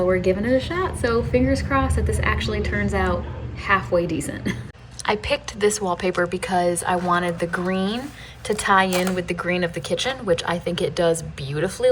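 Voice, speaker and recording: A woman talking casually through her home renovation, chatty and quick to laugh, thinking aloud as she works indoors. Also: on the low side, slight background noise. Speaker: homestead vlogger. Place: inside a house being renovated.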